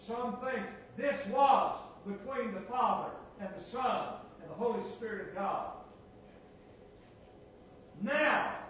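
A man preaching a sermon, dropping to a hush and then rising to a booming cry, repeating phrases for emphasis. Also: highs cut off, slight background noise. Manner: swings from hushed to booming, dramatic pauses.

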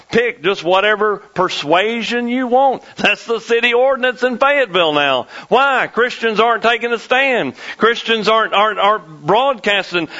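A pastor preaching to his church, his voice pitched high and bright. He drives his points home by repeating them with rising emphasis. The recording is dull and lo-fi. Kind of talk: sermon.

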